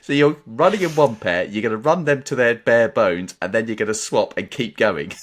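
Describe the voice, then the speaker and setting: A man's voice: mid-range voice, moderate pace. A man with an English accent, co-hosting a podcast and chatting casually, telling anecdotes and laughing often. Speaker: podcast co-host. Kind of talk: casual chat.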